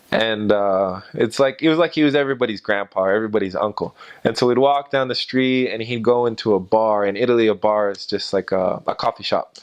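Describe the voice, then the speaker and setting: An American man, a former missionary, telling anecdotes in a halting way with many fillers. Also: on the low side, smooth. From United States. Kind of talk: personal anecdotes in an interview.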